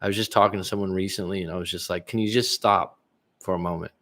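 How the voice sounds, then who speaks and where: Casual low-voiced male livestream coach. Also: fairly even intonation, quick pace, fairly bright tone. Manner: casual, rambling, many restarts, answers chat aloud. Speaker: relationship coach. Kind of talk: livestream chat reading viewer comments. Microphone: livestream webcam.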